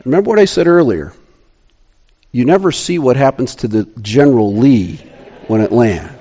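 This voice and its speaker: A man telling a personal story in a sermon, animated, rising to excitement and dropping to hushed tones. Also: medium pitch, normal speed, highs cut off.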